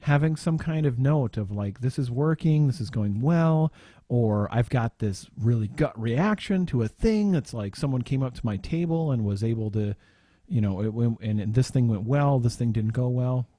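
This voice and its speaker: A man's voice: mid-range voice, animated, normal speed, dark tone, no room sound, studio quality. A man co-hosting a podcast, speaking hesitantly and searching for words with many ums in casual conversation. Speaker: podcast co-host.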